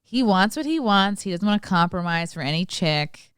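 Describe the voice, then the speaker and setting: A woman's voice: medium pitch, animated, moderate pace, fairly bright tone, clean tone, dry recording, clean studio sound. A woman co-hosting a casual podcast chat, talking bluntly and swearing casually. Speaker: co-host.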